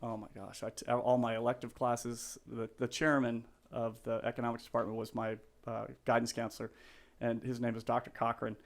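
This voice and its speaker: A man's voice: medium pitch, monotone. A man who works as a real estate agent, a guest in a casual podcast interview, talking earnestly with many restarts and fillers. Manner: halting, full of restarts and fillers; earnest, gets emotional and laughs.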